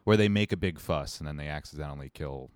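A man's voice: rumbling low, quick pace, smooth, dry recording, clean studio sound. A man co-hosting a casual chat, joking and sardonic as he tells stories. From United States. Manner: sardonic, joking, animated storytelling.

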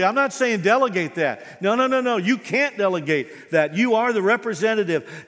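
A man's voice: sits high, a bit bright, big-room sound. A man preaching a sermon as pastor, acting out quoted voices with animation.

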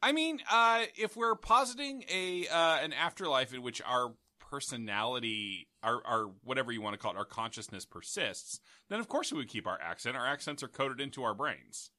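A man co-hosting a podcast in casual comedic banter, joking and riffing quickly, laughing often, on a home desk mic. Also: mid-range voice, lively intonation, sharp tone. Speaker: podcast co-host.

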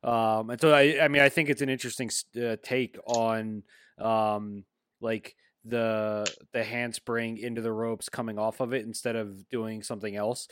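A man's voice: on the low side, little pitch movement, normal speed, a bit bright, smooth, no echo. A man co-hosting a podcast in casual chat, hesitant with many ums, then getting emphatic. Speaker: podcast co-host.

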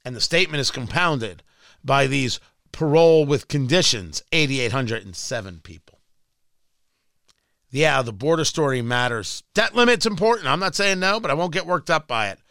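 A man's voice: mid-range voice, animated, normal speed, fairly bright tone, dry recording. A man hosting a talk radio show, delivering a combative, sarcastic political monologue.

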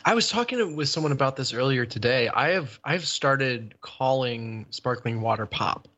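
A man's voice: mid-range voice, expressive, normal speed, pushed and bright, muffled recording. Easygoing man chatting on a podcast. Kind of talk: casual chat.

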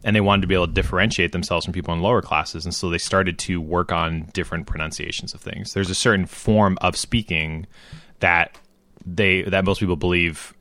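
A man's voice: low voice, no echo. An American man co-hosting a podcast, rambling casually and laughing easily. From United States. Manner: rambling, animated, quick laughs. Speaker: podcast co-host.

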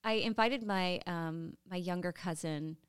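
A woman co-hosting a podcast in casual chat, expressive and quick to exclaim. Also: lowish voice, clean tone, no echo, studio quality. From Florida. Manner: expressive, exclaiming, rising to indignation. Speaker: podcast co-host.

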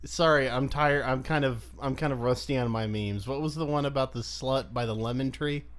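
A man chatting casually as a podcast co-host, dropping dry, sarcastic remarks. His voice sits at an ordinary middle pitch. He talks loosely and jokingly. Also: moderate pace. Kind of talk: casual chat.

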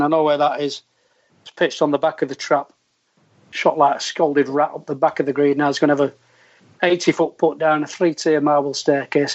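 A man, a former caddie, telling an earthy, animated anecdote and acting out the voices he quotes. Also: a little high. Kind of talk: storytelling anecdote. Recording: dull lo-fi sound.

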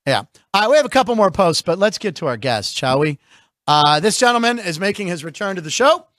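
Man, show host, high voice, dry sound, jokey sports banter. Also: very animated, fairly bright tone, no echo. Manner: chatty, jokey, quick asides.

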